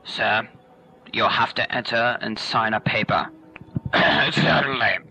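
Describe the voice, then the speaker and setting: A man's voice: medium pitch, slow, creaky, sharp tone, exaggerated voice, low-quality recording. A man playing a bumbling recruit in an amateur tape radio play, hesitant and rambling. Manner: hesitant, rambling, then pleading. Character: bumbling male recruit posing as a detective. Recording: home tape with music.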